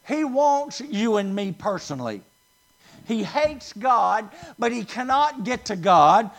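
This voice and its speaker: A male preacher with a very high voice delivers a sermon at a slow, deliberate pace. He leans hard on key phrases, stretching them out, and keeps asking the congregation to answer back. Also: a bit bright. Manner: emphatic, drawn-out stresses, asks the congregation questions.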